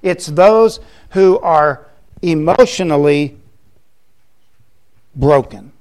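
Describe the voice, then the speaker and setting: A middle-aged man preaching a sermon as pastor, slow and emphatic, repeating key phrases for weight. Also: on the high side, animated, darkish tone.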